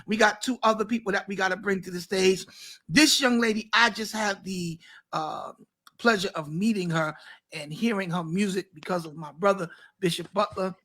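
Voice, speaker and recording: A man's voice: high voice, normal speed, bright, forceful tone. A man who is a pastor hosting a casual online interview show, hyping up his guests with slang-filled introductions. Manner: hype, enthusiastic introductions with slang.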